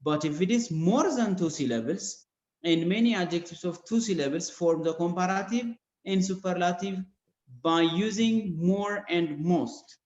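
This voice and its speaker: Slow, methodical Ethiopian male teacher. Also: high voice, darkish tone. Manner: slow, methodical explanation, spelling out letters. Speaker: English teacher. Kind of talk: online grammar lesson. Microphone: video call. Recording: dull echoey video-call audio.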